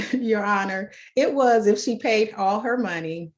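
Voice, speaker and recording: A woman's voice: mid-range voice, animated, measured pace. A woman defense attorney pleading formally and politely to a judge on a video call. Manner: polite, deferential, persistent.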